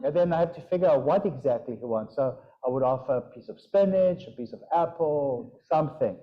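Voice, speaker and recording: A man's voice: medium pitch, a little fast, muffled recording. Man leading a casual group talk. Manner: animated, imitates his pets' sounds. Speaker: group leader.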